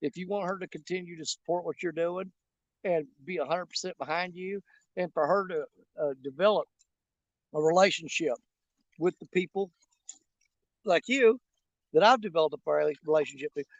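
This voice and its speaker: A man with a fairly high voice talks at normal speed with long pauses, on a dry recording with the highs cut off. Hosting his fishing channel outdoors by a river, he chats casually and jokingly with live-stream viewers, rambling, folksy and full of fillers.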